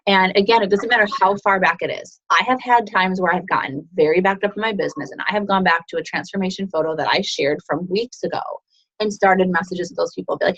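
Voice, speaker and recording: A woman's voice: fairly low pitch, fairly bright tone. A woman coaching her team on a group video call, chatty and encouraging. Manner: encouraging, chatty, fast asides. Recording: dull lo-fi call audio.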